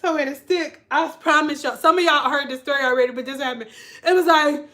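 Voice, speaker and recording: Her voice is high and her delivery brisk as this female vlogger shares a story casually. Animated and laughing, she keeps slipping into impressions of other people's voices.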